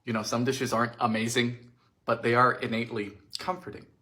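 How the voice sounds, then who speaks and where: A man hosting a vintage recipe cooking show, tossing out campy, sarcastic quips and sudden loud exclamations. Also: mid-range voice, flat delivery, a little fast. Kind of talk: comedic cooking commentary.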